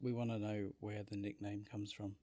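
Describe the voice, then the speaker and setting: A man's voice: lowish voice, level tone, moderate pace, dark tone, dry recording. A man co-hosting a podcast, chiming in with short teasing questions in casual chat. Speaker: podcast co-host.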